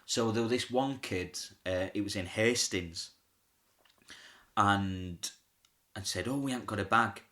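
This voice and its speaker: A man's voice: on the low side, a little slow, long pauses, pushed and bright. A man, a pantomime comic telling stories in a casual interview, chatty and often laughing. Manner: chatty, laughs often, acts out quoted voices.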